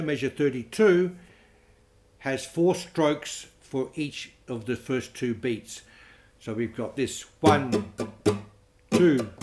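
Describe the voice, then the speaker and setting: Slow-talking man teaching flamenco guitar. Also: medium pitch, a little mellow. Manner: slow, counts beats aloud over guitar.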